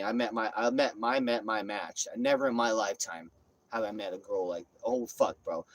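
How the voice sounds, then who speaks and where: A man's voice: mid-range voice, moderate pace, dry recording, rough recording. Man rambling through a profane story. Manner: rambling, profane, animated retelling. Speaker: vlogger. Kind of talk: casual storytelling.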